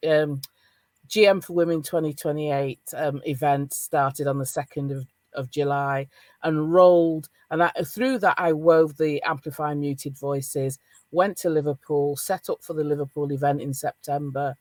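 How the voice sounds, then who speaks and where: Northern english woman, middle-aged, hosting a chat on a video call, animated, dry close sound. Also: sits low, measured pace, dry recording. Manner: animated, laughing, encouraging. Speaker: podcast host. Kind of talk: casual roundtable chat.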